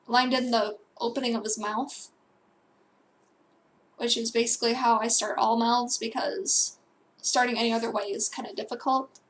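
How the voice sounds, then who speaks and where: Young woman, casual tutorial voice-over, high and monotone, light background noise. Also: normal speed. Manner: rambling, self-correcting, with fillers and asides. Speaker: digital painting tutor.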